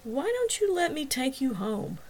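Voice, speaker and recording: A woman voicing a kind, steady young firefighter who talks patiently and reassuringly to his friend. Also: extremely high pitch, normal speed, pitched above the performer's own voice, rough recording. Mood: coaxing.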